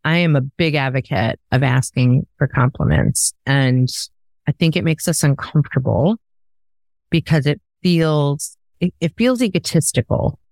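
A woman's voice: low voice, unhurried, darkish tone, dry recording. Emphatic woman podcast host. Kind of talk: casual conversation.

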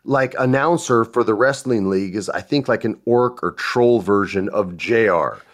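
A man's voice: lowish voice, moderate pace. A man hosting a podcast, telling stories in a casual chat and acting out the voices of the people he quotes. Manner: animated, acts out quoted voices. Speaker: podcast host.

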